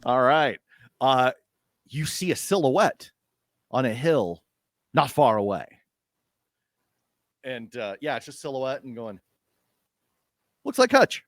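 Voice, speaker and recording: A man narrating as game master, lively and unhurried, with many fillers. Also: mid-range voice, no echo, studio quality.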